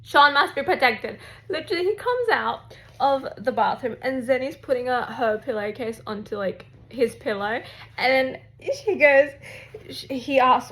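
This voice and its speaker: Young woman, fairly high voice, book vlogger; excitable, gushing fan energy, casual profanity. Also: moderate pace. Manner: gushing, excitable, swears freely. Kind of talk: casual reading vlog.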